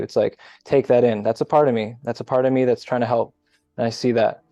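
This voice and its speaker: A man on a group call who talks calmly and reflectively, explaining his ideas at length over muffled lo-fi call audio. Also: medium pitch, dry recording. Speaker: call participant. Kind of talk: casual group video call chat.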